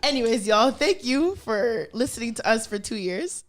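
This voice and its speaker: A woman hosting a casual podcast, her voice sitting a little high. She is blunt and joking as she chats and wraps up the episode. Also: animated, normal speed, a little hiss or hum. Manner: blunt, joking, runs the outro. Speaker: podcast host.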